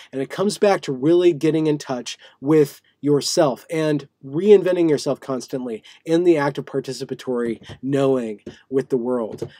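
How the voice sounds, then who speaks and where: A man hosts a casual live stream from a small room, musing aloud in a playful, rambling way. His voice sits a little high for a man, and he keeps stopping to restart his sentences. The sound is close and dry. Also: a little mellow, no echo. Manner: rambling, playful, halting with many fillers and restarts. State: sweaty. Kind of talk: casual livestream monologue.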